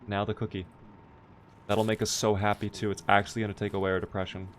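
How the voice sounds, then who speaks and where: A man's voice: fairly low pitch, little pitch movement, fast talker, slight background noise. A man casually commenting on his gameplay on a live stream, chatty and playful, joking with his chat.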